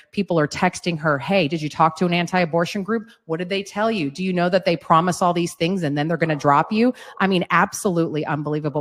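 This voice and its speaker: A middle-aged woman giving a webcast talk, telling a story fervently and earnestly, with frequent "right?" asides. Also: fairly low pitch. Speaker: speaker at an advocacy webcast.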